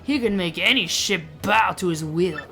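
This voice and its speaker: A woman's voice: on the low side, normal speed, pushed and bright. A woman doing an Australian-accented sailor. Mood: eager. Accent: put-on Australian. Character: rough-talking male sailor, gossipy. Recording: game music behind.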